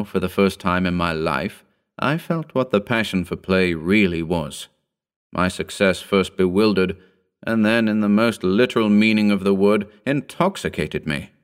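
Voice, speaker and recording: Low-voiced guy reading an old story, calm and formal. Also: a little slow, clean tone. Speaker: narrator. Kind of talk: audiobook reading of a Victorian story.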